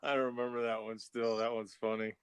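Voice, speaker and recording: A man co-hosting a casual podcast, relaxed and rambling, laughing often. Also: medium pitch, a little fast, clear, resonant tone, no echo. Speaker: podcast co-host. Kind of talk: casual chat.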